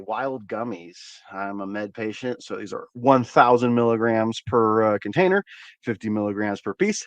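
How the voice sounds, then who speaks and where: A man's voice: on the low side, moderate pace, no echo, dull audio. Laid-back rambling man, dry close sound. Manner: laid-back, rambling, profane, repeats words. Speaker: cannabis channel host. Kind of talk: casual livestream chat with viewers.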